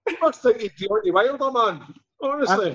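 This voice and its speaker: A man's voice: very high-pitched, lively intonation, moderate pace, a bit bright. Rambling man, dull lo-fi sound. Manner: thoughtful, rambling with "like". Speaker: podcast co-host, ex-footballer. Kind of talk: casual chat.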